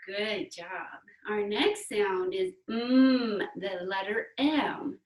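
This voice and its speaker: A young woman guiding children through breathing exercises and yoga poses in a gentle, encouraging, playful way. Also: mid-range voice, animated, slow, far from the mic, faint music behind. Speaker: kids yoga teacher. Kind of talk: guided kids yoga instruction. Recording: echoey room, away from the mic.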